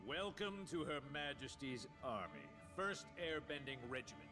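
A stern army officer in an animated series. His voice rises and falls with lively pitch, formal and commanding, and music plays behind him. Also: moderate pace.

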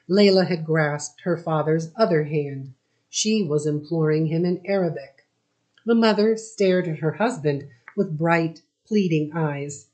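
A woman narrates a classic novel with a slow, unhurried pace and a fairly low voice. Her reading is measured and steady, letting each phrase settle. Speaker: audiobook reader. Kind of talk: scripted narration.

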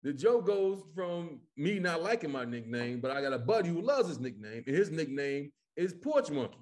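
A man from Chicago, a comedian guest, telling stories in casual podcast chat, animated and full of cursing. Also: on the high side, moderate pace. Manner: animated, profane storytelling.

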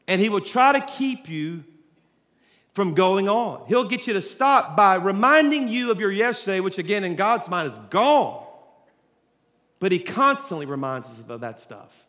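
High-voiced preacher in a church hall. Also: male voice, animated, moderate pace, pushed and bright. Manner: conversational storytelling preacher, jokes with congregation. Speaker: pastor. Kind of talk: sermon. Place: large church auditorium.

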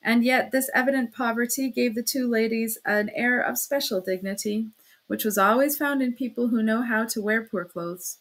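A woman reading a classic novel aloud as narrator, in steady, plain storytelling. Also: on the high side, moderate pace.

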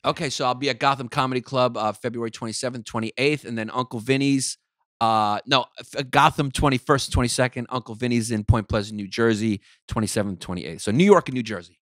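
A male comedian guest on a podcast, ranting in a loud, profane, mock-outraged way. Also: mid-range voice, brisk, dry recording. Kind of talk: profane comic rant.

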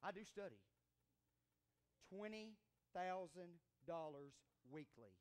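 Man, pastor, church sermon, swooping lively pitch, joking and shouting. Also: takes it slowly, clear, resonant tone. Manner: animated, shouting and joking with the congregation. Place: church sanctuary.

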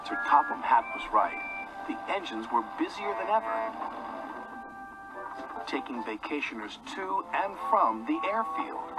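A man narrating a children's story in a lively, expressive storytelling manner. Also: fairly high pitch, unhurried, vocal fry, poor audio. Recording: narration with music behind. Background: music.

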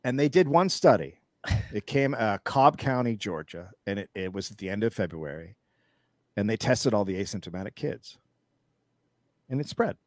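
A man's voice: lowish voice, big pitch swings, normal speed, no room sound, studio quality. A man speaking as an interview guest in casual chat, ranting with anger and profanity and telling stories animatedly, with frequent restarts.

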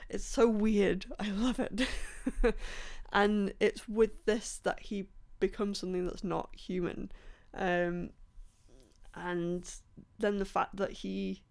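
A woman vlogging about books in a casual, rambling, enthusiastic way, with many ums and a voice going hoarse. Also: medium pitch, flat delivery, slow, darkish tone. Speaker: book vlogger. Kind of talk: casual book review chat.

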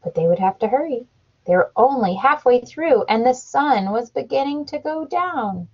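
A woman, a mother, reading a picture book aloud to her child at home, animated and playing up the sound effects. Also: on the high side, moderate pace. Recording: dull lo-fi home recording.

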